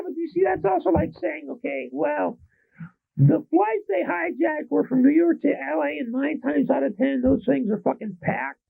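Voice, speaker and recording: Texan male public access host, crude rambling talker, high gravelly voice, tinny dry audio. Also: dry recording. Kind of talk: crude rambling talk show rant.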